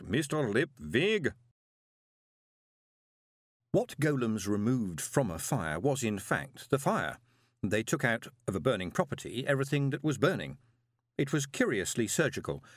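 A man reading a novel aloud as an audiobook narrator, dramatic and expressive with drawn-out pauses. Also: medium pitch, no echo. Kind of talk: scripted narration. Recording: dry close studio recording.

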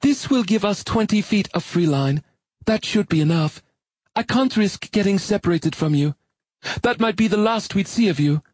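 A man voicing a brisk, commanding young woman diver who gives crisp instructions. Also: high voice, lively intonation, darkish tone, no echo, voice pushed up. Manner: crisp and instructive, caustic edge.

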